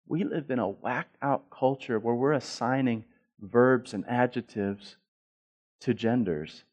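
Middle-aged man, pastor, sermon delivery; animated storyteller, stumbles and repeats words, big swings between loud and soft. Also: medium pitch, a little slow, lo-fi sound.

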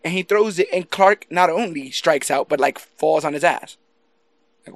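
A man chatting casually about movies, animated and laughing often, swearing now and then. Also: on the high side, normal speed, creaky, dry recording.

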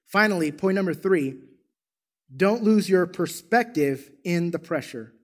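A man preaching a sermon as a church pastor, with an animated, emphatic storytelling manner. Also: high voice, measured pace. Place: church sanctuary.

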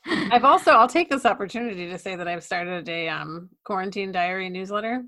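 A woman's voice: mid-range voice, lively intonation, a little fast, a bit bright. Podcast co-host, woman, middle voice, dry and understated, casual. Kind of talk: casual chat.

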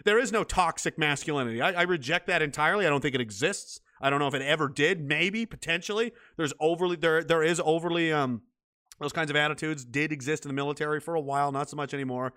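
Brief: combative man, profane ranting monologue, slightly high voice, stumbling restarts. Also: fast, pushed and bright. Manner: many restarts and repeated words.

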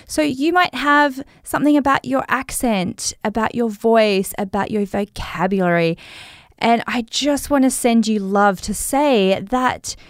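A woman's voice: on the high side, a little slow, dry recording, clean studio sound. A woman with an Australian accent hosting a podcast, giving encouraging coaching tips and affirmations in a casual chatty way. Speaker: podcast host.

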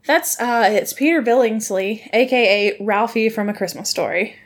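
A woman's voice: on the high side, moderate pace. Woman co-host, chatty, does little voices for the characters while recapping. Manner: animated, acts out characters' lines with laughter. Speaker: podcast co-host. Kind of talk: casual chat recapping a film.

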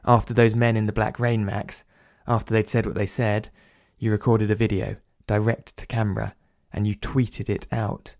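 A man's voice: lowish voice, flat delivery, moderate pace, a little mellow, no echo, clean studio sound. A man narrating an audio drama as a wry inner voice, speaking to the listener in second person.

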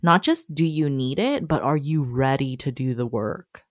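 A woman co-hosting a podcast in casual chat, opinionated, with quick asides and frequent laughs. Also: a bass voice, very animated, no room sound, clean studio sound. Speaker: podcast co-host.

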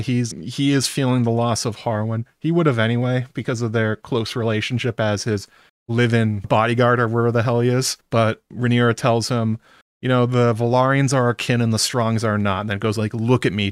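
A man's voice: mid-range voice, clean tone, dry recording. Chatty man live-streaming in a dry room. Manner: chatty, self-interrupting, laughs often. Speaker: streamer recapping a TV episode. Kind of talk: casual live-stream chat.

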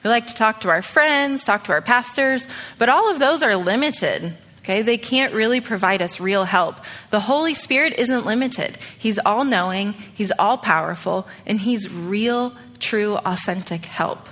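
A woman's voice: medium pitch, unhurried, a bit bright. A woman in her thirties giving a conversational sermon with a personal story, often checking in with "okay?". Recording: long reverb of a large hall.

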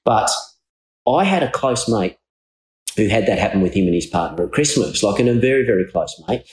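A deep-voiced Australian man hosts a podcast conversation, speaking earnestly and circling back to rephrase. His voice carries a roomy echo. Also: expressive, fairly quick, darkish tone, a little hiss or hum. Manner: earnest, searching, many restarts. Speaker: podcast host. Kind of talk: conversational interview.

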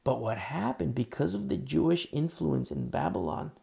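A man delivers a chatty sermon in a rough, gravelly voice with a dark, mellow tone. He talks loosely, with plenty of fillers, and acts out the figures he quotes. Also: fairly high pitch, very animated, moderate pace. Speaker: pastor. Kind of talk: casual sermon.

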